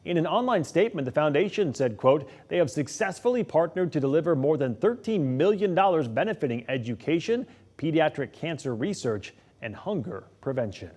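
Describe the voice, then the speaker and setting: A male news anchor with a slightly high-pitched voice reads the late local news. His delivery is steady and measured, moving smoothly from story to story. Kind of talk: scripted news reading.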